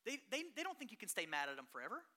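A pastor with a mid-range voice races through a sermon, telling stories with animation. His delivery swings between hushed and loud.

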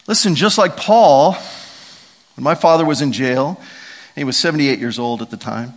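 A middle-aged man preaching a sermon, telling stories with animated, dramatic emphasis. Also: medium pitch, moderate pace. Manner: animated, storytelling, lively emphasis and dramatic vocal swings. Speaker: pastor.

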